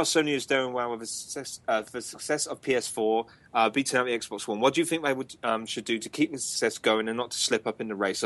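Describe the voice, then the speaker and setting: A man's voice: medium pitch, a bit bright, dry recording. A young British man hosting a casual gaming podcast, chatty and laughing, with lots of ums. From Britain. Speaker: podcast host.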